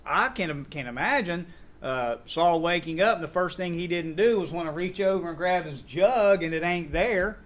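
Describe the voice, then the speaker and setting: Man, middle-aged, high-pitched, animated Bible class teacher who voices scripture scenes and quizzes his students. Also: normal speed. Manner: animated, acts out biblical dialogue and quizzes the class. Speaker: Sunday School teacher and church elder.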